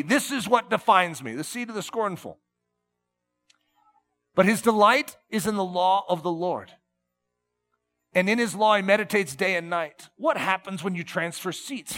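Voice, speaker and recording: Earnest gravelly male preacher. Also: high-pitched. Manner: earnest, swinging between soft and emphatic. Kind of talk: sermon.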